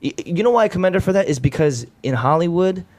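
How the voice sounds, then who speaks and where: A man from Chicago, an actor guest, telling candid stories in a relaxed interview chat. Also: high voice, quick pace.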